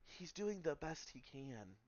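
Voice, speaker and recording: A man voicing a young woman in her twenties who speaks softly and reassuringly. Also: on the high side, big pitch swings, takes it slowly, dry recording, dull audio, voice pushed up. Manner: soft, reassuring. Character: young woman, niece, soothing and apologetic.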